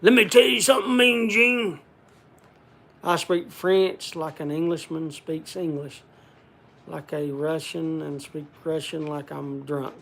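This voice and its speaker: An older man doing an impression of a brash, boasting male wrestler in a gruff voice. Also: a little high, unhurried, fairly bright tone, slight background noise. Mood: boastful.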